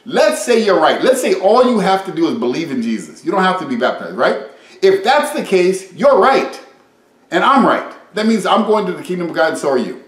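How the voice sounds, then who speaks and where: A man preaching an informal sermon, reading scripture and retelling conversations in a lively, conversational way. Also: high voice, fairly quick, echoey room, poor audio.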